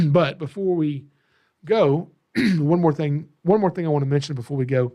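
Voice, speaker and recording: This podcast host and snake educator is a middle-aged man from Georgia with a Southern accent. His warm, fairly high voice moves at a moderate pace as he tells folksy stories at his own expense in a relaxed monologue.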